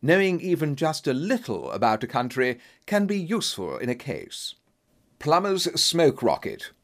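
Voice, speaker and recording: A man narrating a story in a clear, expressive reading voice. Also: on the high side, moderate pace.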